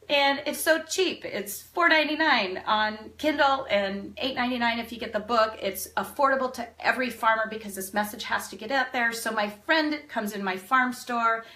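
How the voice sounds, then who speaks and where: A middle-aged woman with a bright, clear voice coaches farmers on pricing. She talks quickly and earnestly, with plenty of animated energy. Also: mid-range voice. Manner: fast, earnest, animated advice. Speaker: farm marketing coach. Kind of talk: video lesson to farmers.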